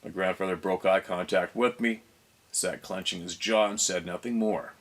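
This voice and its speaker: Deep-voiced man reading a story. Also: fairly even intonation, fairly bright tone. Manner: unhurried, pauses to reread and fix slips. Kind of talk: reading aloud a first-person story.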